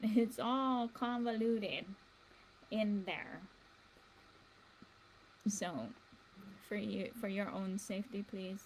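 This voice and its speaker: A woman's voice: medium pitch, a little hiss or hum, rough recording. A woman hosting a show in a meandering casual monologue, chuckling between thoughts. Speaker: livestream show host.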